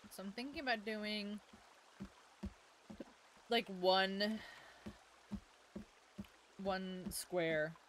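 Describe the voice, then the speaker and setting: A woman's voice: medium pitch, drawn-out words, pauses often, fairly bright tone. Woman, casual gameplay chat, hiccuping, laughing, faint hiss behind. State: has the hiccups. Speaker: streamer.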